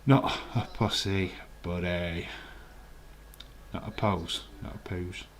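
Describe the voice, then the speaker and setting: A man's voice: deep voice, fairly even intonation, slow pace, a little hiss or hum. An English man hosting a live stream, chatting casually and rambling as he reads out viewers' comments and chuckles along. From England.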